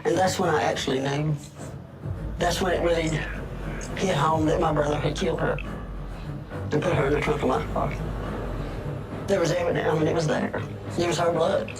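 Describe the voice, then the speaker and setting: A man, recounting a family crime in a plain-spoken, unhurried testimonial interview. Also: on the high side, fairly even intonation, rough recording. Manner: plain-spoken, slow storytelling with grammar from his home region. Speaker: interviewee, sibling of the suspect. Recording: loud music bed underneath. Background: music.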